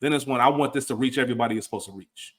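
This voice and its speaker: This man has a medium-pitched, husky voice and co-hosts a podcast in casual conversation. Speaking quickly and with emphasis, he frequently performs the words of people who spoke to him.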